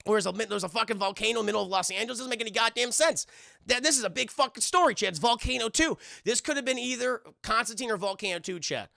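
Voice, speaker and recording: A man streaming a casual TV episode review, talking excitably and profanely while addressing his chat. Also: high-pitched, fast, creaky, no room sound, studio quality.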